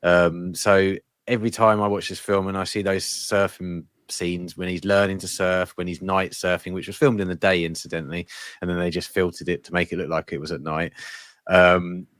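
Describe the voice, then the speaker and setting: A man with a very low voice, chatting as a guest on a film podcast. He speaks in a relaxed, thoughtful way and lets his sentences trail off softly. The recording is dry and close. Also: moderate pace, dry recording. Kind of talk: casual film-review chat.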